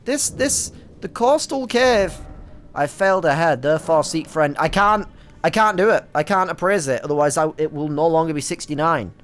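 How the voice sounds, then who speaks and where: A young British man giving casual, excitable commentary while playing a game, swearing often and stumbling over his words. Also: a little high, a little fast, clear, resonant tone. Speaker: gaming streamer. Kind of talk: casual let's-play commentary.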